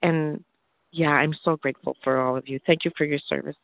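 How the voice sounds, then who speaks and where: A woman sharing at a recovery meeting, chatty and animated, laughing now and then and full of gratitude. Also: low voice, brisk, vocal fry, slight background noise. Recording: tinny dry phone-like audio.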